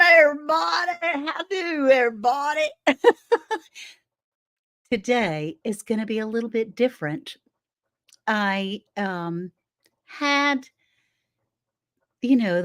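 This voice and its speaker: A chatty woman with a drawl hosts a casual live stream from her computer. She is a little out of breath and warmly greets viewers by name, calling them honey and baby. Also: medium pitch. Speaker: livestream host.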